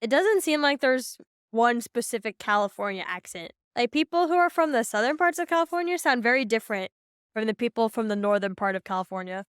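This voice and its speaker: With clean studio sound and no echo, this young woman's slightly high, smooth, somewhat bright voice comes through expressive and a little fast. She rambles through casual gameplay commentary as a streamer, filling it with "like," while faint game music runs underneath.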